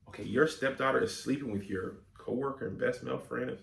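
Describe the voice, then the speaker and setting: A man hosting a comedic advice show, reading listener letters aloud and reacting in a mock-serious, animated way. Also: medium pitch, fairly quick, vocal fry, few pauses, reverberant, slight background noise. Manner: animated, mock-serious, coughing fits as a bit.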